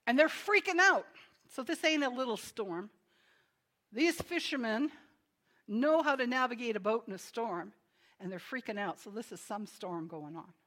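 A woman preaching a sermon in a conversational, animated way, with dramatic pauses and quick laughing asides. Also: a little high.

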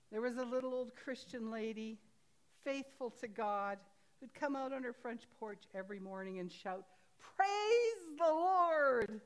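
A woman pastor preaching a sermon in a homely, chatty way, laughing at herself now and then. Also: mid-range voice. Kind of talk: sermon with storytelling.

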